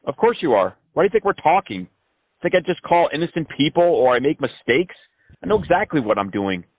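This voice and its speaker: A man's voice: fairly high pitch, very animated, a little fast, husky, no echo. A man making a prank phone call, sarcastic and mocking as he talks. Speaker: prank caller. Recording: tinny phone line.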